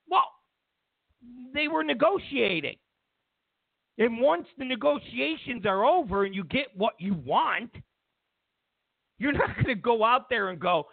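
A man's voice: extremely high pitch, sing-song, a little slow, gravelly, long pauses, dry recording. Heated, mocking man on a tinny line. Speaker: talk show host. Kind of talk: ranting political monologue. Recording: tinny phone-like sound.

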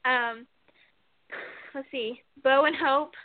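A chatty woman retells scenes in a rambling, animated way, full of fillers. Her voice sits a little high, and it comes through a thin, phone-like line with a dry sound. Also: slow, dry recording. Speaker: co-host. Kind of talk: casual chat recapping soap scenes.

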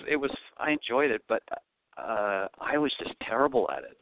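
An Australian man with a deep voice that swings widely as he spins stories and slips into other people's voices. The sound is dry and squeezed, as if over a phone line. He talks like a comedian telling stories as an interview guest. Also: normal speed, dry recording. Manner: animated, acts out voices in his anecdotes. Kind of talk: storytelling interview.

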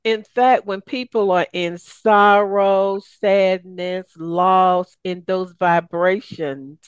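A woman's voice: medium pitch, fairly even intonation, slow pace, smooth, no echo, lo-fi sound. A woman hosting an interview, mostly listening with short affirmations and asking summarizing questions. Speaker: host. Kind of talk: interview conversation.

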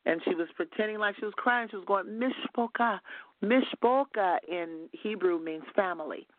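A woman's voice: mid-range voice, normal speed, dry recording. A woman minister, a guest on a call-in radio show, telling an earnest testimony with frequent restarts. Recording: tinny phone line, dry.

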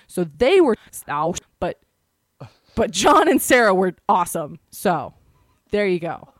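Woman podcast host telling a lively story, bouncy delivery, dry close mic. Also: medium pitch, no room sound. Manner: animated, quick storyteller, acts out quotes. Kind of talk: casual storytelling chat.

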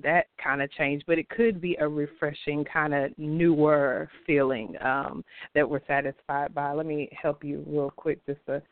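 A man giving a weekly astrology forecast, talking in an expressive, passionate way and laughing often. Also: a little high, no room sound. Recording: tinny phone-like dry sound.

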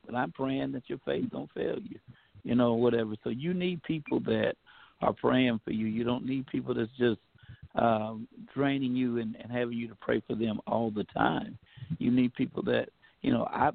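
Male pastor, casual preachy talker, gravelly, heard over a dry phone line. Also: medium pitch, no echo. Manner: preachy, repeats words, says "man" often. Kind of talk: casual chat.

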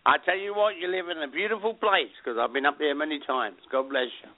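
Sex: man. Role: caller's husband on the line. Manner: blessings in rushed bursts, slightly high voice. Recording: tinny phone line. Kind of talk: casual phone chat.

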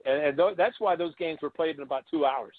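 Over a tinny line that sounds like a phone, an older man who played catcher tells long stories as a guest on an interview show, acting out the people he quotes. His voice is a little high and brisk, without echo.

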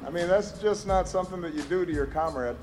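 A man putting on a high, reproachful queen hornet. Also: fast, darkish tone, faint music behind, lightly acted. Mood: hurt. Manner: wounded, reproachful tone. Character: plaintive female queen hornet. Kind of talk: comic impression on a podcast.

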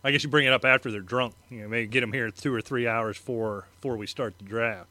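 A man's voice: medium pitch, steady tone, fast talker, pushed and bright, dry recording. A man co-hosting a casual fantasy football show in a small studio, rambling and self-deprecating as he makes his point. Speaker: co-host. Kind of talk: casual sports chat.

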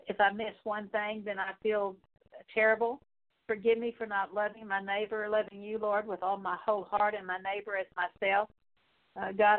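A woman leading a spoken prayer of confession, pleading in halting, repetitive phrases with pauses. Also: medium pitch. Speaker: prayer leader. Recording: tinny phone-like sound.

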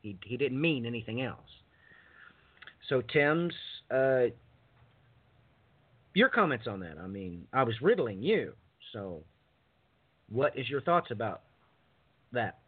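A man hosts a casual on-air talk, rambling and chatty, with plenty of fillers. His voice is husky and sits mid-range. The audio is thin and phone-like. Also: medium pitch, sing-song, takes it slowly, long pauses. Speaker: radio show host. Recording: husky voice over phone-like line.

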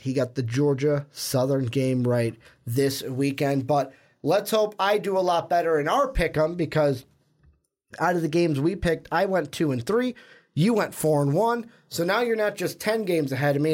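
A young man co-hosting a casual sports podcast, talking in a rambling, chatty way and often correcting himself. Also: a little high. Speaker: podcast co-host.

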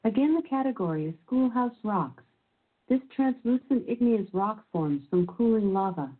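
Synthetic lady voice reading trivia clues, kinda husky, tinny like a phone. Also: a little high, expressive, moderate pace. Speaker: quiz game voice assistant. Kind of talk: synthesized quiz clue reading.

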